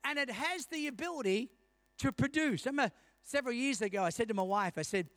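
A man's voice: extremely high pitch, expressive, quick pace, fairly bright tone, no room sound. A male pastor in his fifties preaching a sermon, telling a personal story and calling out to his congregation. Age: 50s.

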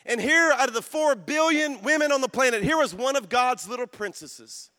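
A man preaching a sermon at a conference, telling a story in a soft voice and then building to shouted calls for praise. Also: very high voice, animated, normal speed. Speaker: pastor. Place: conference hall.

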